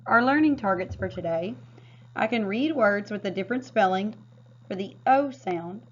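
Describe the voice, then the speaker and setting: A woman teacher giving a recorded phonics lesson, modeling words clearly and patiently. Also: medium pitch, expressive, normal speed. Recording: dull, lo-fi sound.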